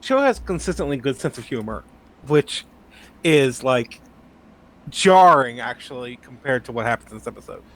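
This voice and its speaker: A man's voice: mid-range voice, big pitch swings, normal speed, fairly bright tone. A young man co-hosting a podcast, chiming in casually with short, laid-back remarks. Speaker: podcast co-host.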